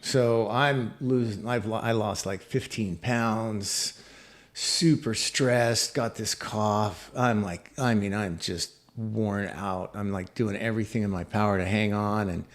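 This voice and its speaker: A middle-aged man with a gravelly, creaky voice recounts a personal story as a podcast guest. He speaks reflectively, pausing often with fillers and restarting his sentences. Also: lowish voice, fairly even intonation.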